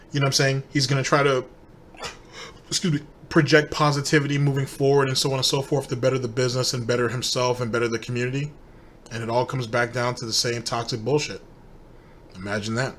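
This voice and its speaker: A man's voice: medium pitch, little pitch movement, fast, a bit bright, a little hiss or hum. A man hosting a commentary show, delivering a heated, repetitive, accusatory rant aimed straight at one person. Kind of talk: ranting commentary.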